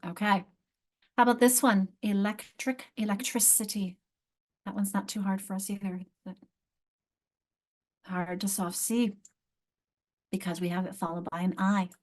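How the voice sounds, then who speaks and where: With fairly even intonation, normal speed, and long pauses, a middle-aged woman's mid-range voice leads a live online teacher training. She's a literacy instructor on a video call mic, explaining emphatically and repeating key words.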